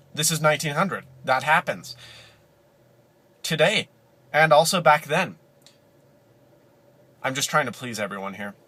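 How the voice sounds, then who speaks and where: A man's voice: on the high side, a little slow, pauses often, pushed and bright, breathy edge. A man talking to the camera in a casual, rambling monologue, exaggerating and interrupting himself as he jokes. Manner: rambling, hyperbolic, self-interrupting, jokey. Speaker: vlogger.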